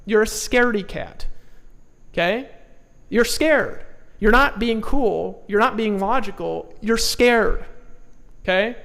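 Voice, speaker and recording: Gravelly man giving a motivational sales pitch. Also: takes it slowly, big-room sound. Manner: pushy, swings from hushed to loud exhortation; repeats short commands. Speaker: sales trainer. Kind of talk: motivational seminar speech.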